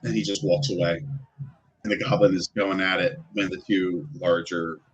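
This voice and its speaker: A man's voice: sits low, little pitch movement, moderate pace. A man narrating as game master in a loose, rambling way with many fillers.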